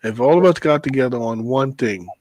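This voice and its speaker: A man who drives a bus, chatting as host of a casual talk show. He tells his stories in an animated, profane way, acting out both sides of an argument. His voice sits at a middle pitch in a dry, close recording. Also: a little fast, no echo, rough recording. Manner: animated storytelling, swears freely, laughs. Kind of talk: casual chat.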